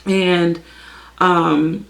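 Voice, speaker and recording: A woman's voice: fairly low pitch, level tone, very slow, gravelly, a bit bright. A young woman from the USA talking casually to her camera in a home basement, chatty and full of filler words. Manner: chatty, many "um" fillers, apologetic asides. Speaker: vlogger. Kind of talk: casual vlog talk to camera.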